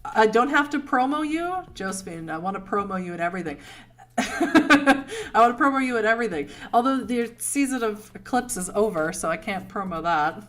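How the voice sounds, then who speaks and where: Her voice is on the high side, expressive and a bit bright, moving at a moderate pace. She's a streamer from Boston, United States, with a Boston accent, chatting loosely with viewers, answering chat and laughing often.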